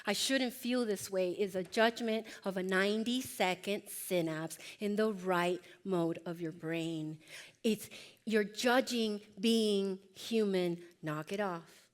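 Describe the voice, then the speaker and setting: A woman's voice: mid-range voice, slow pace. A woman presenting a workshop, speaking emphatically and directly to her audience as she coaches them. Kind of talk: motivational workshop talk.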